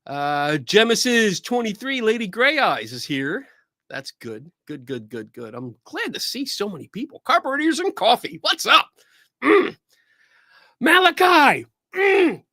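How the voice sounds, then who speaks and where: A man hosting a laid-back livestream, bubbly and chatty as he runs through the names in the chat. His bright voice leaps up and down in pitch, and the sound is dry and close, with no room echo. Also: measured pace. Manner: excitable, laughing, greeting chat viewers by name. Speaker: podcast host.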